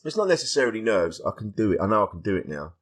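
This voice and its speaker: A man, a stand-up comedian guest on a podcast, telling stories in a lively way and acting out the voices of people he quotes. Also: fairly low pitch, rapid-fire. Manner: animated storytelling, acts out quoted voices. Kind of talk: casual podcast interview.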